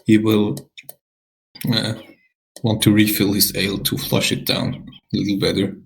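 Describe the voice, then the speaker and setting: A man's voice: lowish voice, level tone, a little slow, vocal fry, poor audio. A man playing a tabletop game, easygoing and hesitant. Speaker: player.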